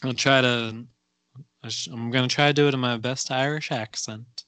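Podcast co-host, male, laid-back joker; bright tone, dry close sound. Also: mid-range voice, fairly even intonation, normal speed, clear, resonant tone, no echo. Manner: laid-back, laughs often, reads silly limericks. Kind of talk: casual chat.

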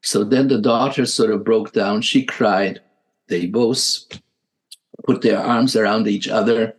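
An older man speaks as a psychiatrist in a storytelling lecture, his voice sitting a little low. He takes his time over every phrase, pausing on fillers and restarting sentences as he goes. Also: steady tone, low-quality recording. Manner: halting, unhurried, with many filler sounds and restarts. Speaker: psychiatrist and author.

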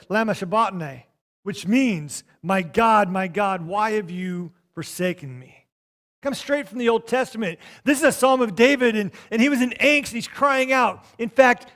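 A man with a notably high voice preaches a sermon. He leans into phrases and repeats them for emphasis, then quiets down when he quotes scripture. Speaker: pastor.

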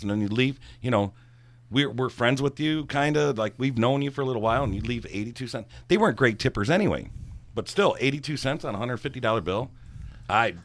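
A middle-aged man telling a long, rambling, profane story from his bartending days in casual chat. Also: mid-range voice. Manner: profane, rambling, animated when worked up. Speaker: guest storyteller, former bartender.

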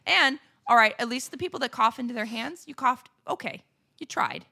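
A woman co-hosting a podcast in casual chat, ranting animatedly with quick laughs. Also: mid-range voice, pushed and bright. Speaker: podcast co-host.

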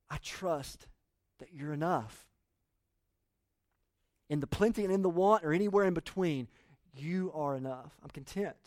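A male pastor preaching a sermon in an earnest, emphatic way, often dropping softly at the ends of phrases. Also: on the high side, no echo, clean studio sound.

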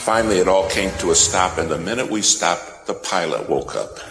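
A man's voice: low voice, expressive, brisk, vocal fry, fairly bright tone. A man preaching a sermon, telling a story with dramatic, swelling emphasis. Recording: echoey hall with music behind.

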